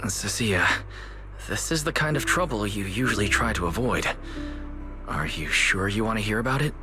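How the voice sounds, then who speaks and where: An actor voicing a calm, earnest young male proxy in a video game, speaking in a measured way with a dry sense of humor. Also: lowish voice, lightly acted. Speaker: game character. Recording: game audio with music behind.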